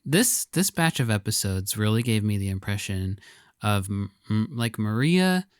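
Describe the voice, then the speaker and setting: A man's voice: on the low side, big pitch swings, moderate pace, smooth, no echo, clean studio sound. A man co-hosting a casual podcast, reacting with wry asides and laughing easily. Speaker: podcast co-host.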